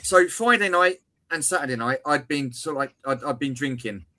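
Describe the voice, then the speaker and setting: A man, slightly hoarse, telling a story in casual livestream chat as co-host. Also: a little high, lively intonation, bright, forceful tone. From United Kingdom. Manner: chatty storyteller, quick asides and swearing.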